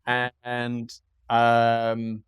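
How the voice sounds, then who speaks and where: A man answering as a guest game master, telling stories in a lively way and acting out quoted remarks. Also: medium pitch, extremely slow, clear, resonant tone, no echo, muffled recording. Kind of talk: conversational interview answer.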